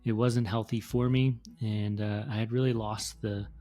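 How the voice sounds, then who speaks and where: A middle-aged East Coast American man co-hosts a podcast, speaking earnestly and in a measured way with some fillers. His lowish, mellow voice keeps a level tone as he talks casually and reflectively.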